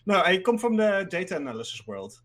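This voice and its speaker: A man's voice: high voice, big pitch swings, fast talker, a bit bright. A man from the Netherlands, a guest in a casual interview, rambling and filling his talk with "like.". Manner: rambling, fills speech with "like", laughs easily.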